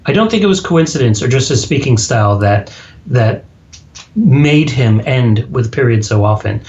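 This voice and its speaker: A man speaking firmly and deliberately in a podcast interview, his sentences landing flat and sure. His voice sits in an ordinary middle pitch. The audio is slightly dull and lo-fi. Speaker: guest, public speaking coach.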